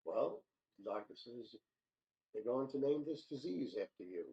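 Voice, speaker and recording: A man's voice: medium pitch, lively intonation, unhurried, gravelly, warm tone. Man reading jokes, dull lo-fi sound. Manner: plain joke-telling with small stumbles, brief voice changes for characters. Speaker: joke show host.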